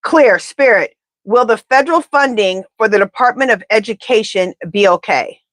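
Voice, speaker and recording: A woman's voice: mid-range voice, normal speed, no echo. A woman tarot reader in casual live-stream chat, rambling and talking straight to her viewers.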